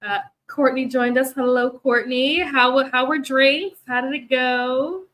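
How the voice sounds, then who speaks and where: In a high-pitched, fairly bright voice with fairly even intonation, a tired young woman chats unhurriedly with viewers on her booktube reading-sprint livestream. She rambles, uses many fillers, and laughs frequently. The recording is low quality.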